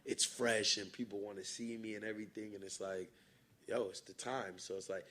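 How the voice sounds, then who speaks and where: A relaxed young man with a lowish voice spins a long story from a live podcast stage. His talk is loose and easygoing, padded with "like" and little fillers. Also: a little fast. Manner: relaxed, filler-heavy, says "like" a lot. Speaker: guest rapper. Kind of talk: casual storytelling.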